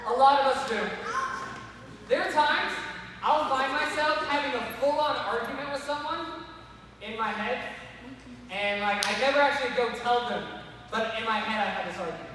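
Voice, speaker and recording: High-voiced man preaching in an echoey hall. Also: normal speed. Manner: animated, repeatedly calling for attention. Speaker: youth speaker. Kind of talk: sermon to kids. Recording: echoey hall from far off, faint noise.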